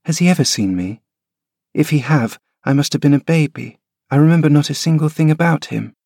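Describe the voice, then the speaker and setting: A man voicing a frail, sickly young boy who speaks softly and wistfully. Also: a little high, a little fast, creaky, no room sound, clean studio sound, voice pushed up.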